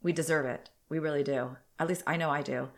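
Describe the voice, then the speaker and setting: A woman's voice: low voice, steady tone, a little fast. A woman in her thirties hosting a podcast alone, chatting in a rambling, candid way and sounding a little congested. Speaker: podcast host. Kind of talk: casual solo podcast chat.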